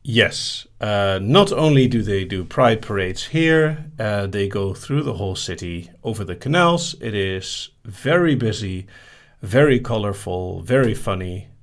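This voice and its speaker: A man's voice: fairly low pitch, expressive, measured pace. A man hosting a casual live-stream Q&A, reading out listener questions and answering them briefly with light laughs. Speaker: hypnosis host.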